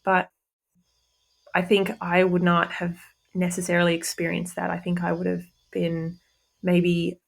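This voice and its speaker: A woman podcast host speaking in a casual, thoughtful way, hedging often and filling pauses. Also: on the low side, monotone, creaky. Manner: thoughtful, hedging, many fillers.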